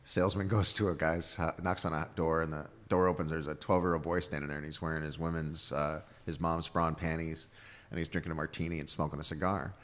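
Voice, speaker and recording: A man telling dirty jokes in a casual chat, acting out the characters' lines with big jumps in his voice. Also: fast talker. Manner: animated storyteller, acts out voices with loud jumps in pitch. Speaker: comedian guest.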